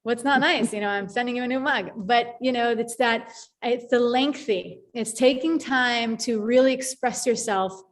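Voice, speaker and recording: Woman, fairly high voice, chatty and animated, group video call. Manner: chatty and animated, many fillers and restarts. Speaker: call host. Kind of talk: live group call talk.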